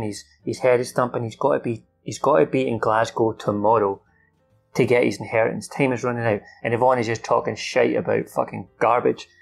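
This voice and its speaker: A man's voice: mid-range voice, gravelly. A young man rambling through a film recap from memory, swearing freely and acting out the characters' lines.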